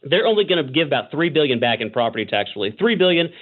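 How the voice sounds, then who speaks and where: A man from Texas, a state representative, speaking as a guest on a political call-in interview, fired up and emphatic, slowing down to hammer his points. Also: on the high side, very animated. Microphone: phone. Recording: phone line.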